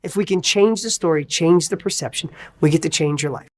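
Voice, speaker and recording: A man's voice: on the high side, brisk, darkish tone. Emphatic male success coach. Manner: emphatic, fires rhetorical questions. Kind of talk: motivational coaching talk.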